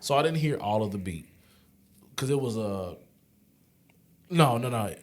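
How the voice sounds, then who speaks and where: A man's voice: mid-range voice, expressive, a little slow. Blunt man reviewing an album. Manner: blunt, repeats himself while telling a story. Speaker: podcast co-host. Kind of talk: casual album review chat.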